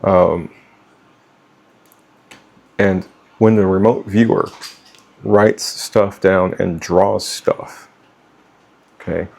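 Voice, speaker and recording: Gravelly, blunt middle-aged man. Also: deep voice, fairly even intonation, very slow, long pauses, darkish tone. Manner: blunt, profane, stumbling over words. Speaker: vlogger giving life advice. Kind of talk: unscripted talk to camera.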